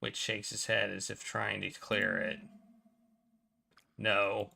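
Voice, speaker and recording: A man's voice: fairly low pitch, flat delivery, moderate pace, creaky, bright, forceful tone, breathy edge. A man reading a game's story text aloud as a let's play host, with dramatic voiced reactions.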